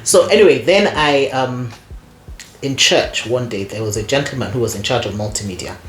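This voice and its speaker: A woman guest telling stories in casual conversation, animated and laughing often, with lots of "you know" fillers. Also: rumbling low, moderate pace. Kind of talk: conversational storytelling. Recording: echoey room.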